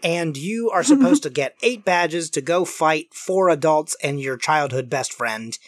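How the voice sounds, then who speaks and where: Animated, rambling podcast talker. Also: medium pitch, measured pace, dry recording. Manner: animated, rambling, many fillers. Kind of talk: casual chat about video games.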